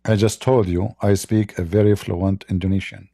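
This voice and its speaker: Mocking man with a mellow voice. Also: low voice, steady tone, vocal fry, dry recording, clean studio sound. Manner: mocking, slow and halting. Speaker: livestream debate host. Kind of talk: casual livestream talk.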